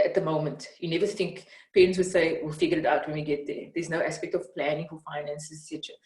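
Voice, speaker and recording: A South African woman telling stories in an earnest, reflective way, with frequent fillers and lively bursts when retelling. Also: low-pitched. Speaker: interviewee, mentor. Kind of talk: reflective storytelling in conversation. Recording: roomy, from some distance off the mic.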